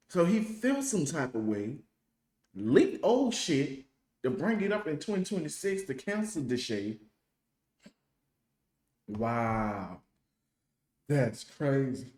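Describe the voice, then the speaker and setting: A man's voice: a little high, a little mellow, echoey room. A man hosting a reaction video, giving blunt, profane, mocking commentary. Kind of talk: heated commentary.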